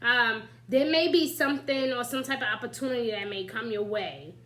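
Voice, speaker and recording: A woman's voice: fairly high pitch, fairly quick, fairly bright tone, rough recording. A woman giving casual, chatty spiritual advice as an astrology reader, often asking "right?" and "you know?" and laughing lightly. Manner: laughs lightly while talking.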